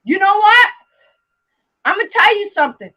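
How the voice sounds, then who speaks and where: A woman's voice: very high-pitched, big pitch swings, normal speed, sharp tone, low-quality recording. A woman hosting her own live stream, talking casually to viewers and ranting heatedly at one of them, swearing a lot and repeating herself for emphasis.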